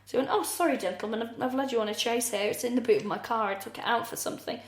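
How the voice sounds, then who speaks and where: A woman's voice: fairly high pitch, very fast, reverberant. A woman co-hosting a comedy podcast, telling the story bluntly with swearing and laughter. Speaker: podcast co-host. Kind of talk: casual comedic chat.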